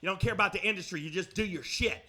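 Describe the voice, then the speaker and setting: A man's voice: high-pitched, racing, bright, forceful tone, heavily acted. A man playing his flamboyant, sensitive gay male friend, talking in a gushing, theatrical way.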